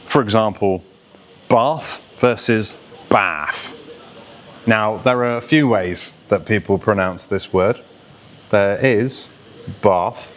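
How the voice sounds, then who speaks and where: Lower-voiced English voice coach, Received Pronunciation. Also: male voice, a little hiss or hum. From West Midlands of England. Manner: animated, demonstrates sounds and voices. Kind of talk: explanatory talk to camera.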